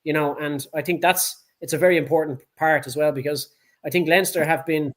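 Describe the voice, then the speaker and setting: A man's voice: on the high side, fairly even intonation, fairly quick. A man with a Dublin accent co-hosting a casual sports chat, blunt, heated and full of swearing. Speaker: podcast co-host.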